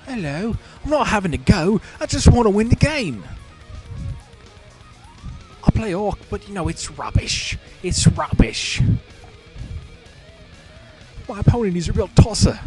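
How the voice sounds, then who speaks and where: A man's voice: very animated, unhurried, long pauses, faint music behind. A man voicing a polite but whiny British male gamer who begs for a win, in a put-on English accent. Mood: pleading. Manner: high, pleading, mock-posh.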